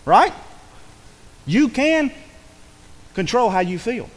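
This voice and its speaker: Man, preacher, church sermon, high lively voice, conversational asides, long reverb. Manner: animated, conversational preaching with quick asides and acted quotes. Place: church sanctuary.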